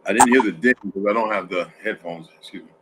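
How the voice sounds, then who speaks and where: A man's voice: fairly low pitch, fast talker, a bit bright, a little hiss or hum, low-quality recording. A man hosting a casual livestream from home, tired and yawning, talking in a rambling way with many restarts and asides to chat. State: sleepy, yawning. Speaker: livestream host.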